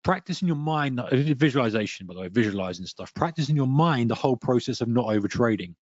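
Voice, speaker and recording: A man's voice: mid-range voice, fast, dry recording. A man teaching a trading webinar, talking straight to the listener and acting out a trader's inner voice. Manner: energetic, talks to listener directly, acts out a trader's inner voice. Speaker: trading coach. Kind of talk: webinar lesson. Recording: dry, muffled webinar audio.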